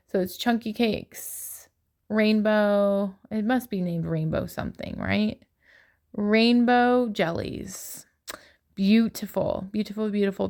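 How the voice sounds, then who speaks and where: A woman's voice: medium pitch, creaky. A middle-aged woman narrating her own shopping video in a casual voice-over, gushing and admiring. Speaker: yarn shopping vlogger.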